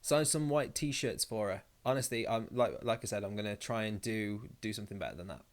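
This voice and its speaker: A man's voice: lowish voice, brisk. A young man hosting a casual live stream. He reads viewer comments aloud and rambles through his replies with jokey asides.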